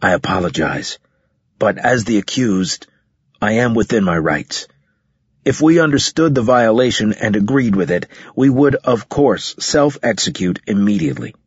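Defiant soldier, insistent, pitched higher and louder as a man puts him on, husky. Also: expressive, normal speed, no echo. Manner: firm, raised, insistent. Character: stubborn young male soldier, defiant. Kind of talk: audiobook character reading. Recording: dull, muffled audio.

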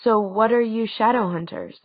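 A woman's voice: slightly rough, dry recording. A woman doing sarcastic teen girl Clary. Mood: questioning. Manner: higher, brighter, quick retorts. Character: teenage girl, blunt and sarcastic. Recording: dry, tinny phone-like sound.

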